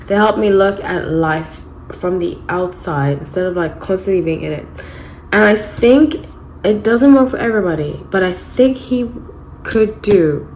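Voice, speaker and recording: A woman's voice: mid-range voice, darkish tone, slight background noise, poor audio. Chatty woman giving a tarot reading. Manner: chatty, rambling, frequent self-corrections. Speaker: tarot reader. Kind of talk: casual tarot reading monologue.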